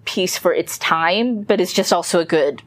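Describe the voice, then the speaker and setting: A woman's voice: on the low side, normal speed. A woman co-hosting a film podcast, chatting casually and enthusiastically with plenty of fillers. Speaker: podcast co-host. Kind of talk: casual chat.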